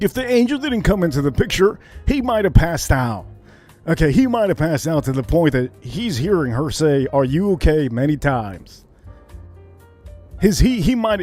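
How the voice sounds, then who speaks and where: A man hosts a casual livestream, telling a story loosely and profanely and acting out the sounds. His voice sits a little high and jumps around a lot. Faint music plays behind him. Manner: animated, profane, acts out the story. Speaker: livestream host.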